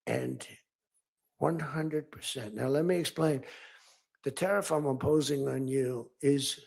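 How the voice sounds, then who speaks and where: A man's voice: mid-range voice, sing-song, a little slow, a little mellow. An older man giving a rambling off-the-cuff speech at a press conference, repeating himself and acting out other people's lines. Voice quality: gravelly and husky.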